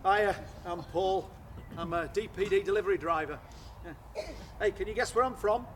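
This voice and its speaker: An actor with a St Helens accent playing a chatty, joking delivery driver bantering on a doorstep. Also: male voice, sits high, moderate pace, lightly acted. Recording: outdoor performance with crowd noise.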